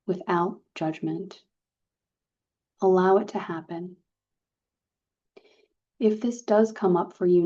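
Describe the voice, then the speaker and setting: A woman leading a guided relaxation session, speaking calmly and gently with soft pauses. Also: lowish voice. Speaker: meditation guide. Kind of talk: guided meditation talk. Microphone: video call. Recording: dull lo-fi video call audio.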